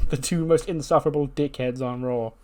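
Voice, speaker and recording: A man's voice: medium pitch, fairly even intonation, normal speed, a little mellow. A man casually narrating a wrestling booking game, chatty and laughing often. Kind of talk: casual let's-play narration.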